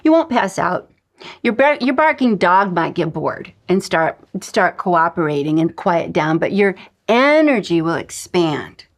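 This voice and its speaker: A woman's voice: on the low side, sing-song, unhurried. Emphatic woman coaching a spiritual lesson. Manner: emphatic and coaching, with breathy whispered asides. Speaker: spiritual teacher. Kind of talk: recorded lesson.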